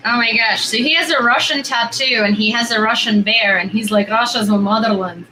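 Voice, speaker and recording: A woman's voice: on the high side, steady tone, brisk, sharp tone, a little hiss or hum, rough recording. A young woman vlogging in a casual, rambling way, full of fillers and repeated words as she chats with strangers. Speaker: video chat vlogger. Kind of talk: casual vlog chat.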